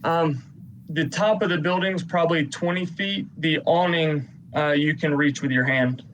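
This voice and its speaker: A man running a tabletop game as game master, calmly calling hits and damage and narrating what the enemies do. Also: fairly high pitch, normal speed, dull audio, a little hiss or hum.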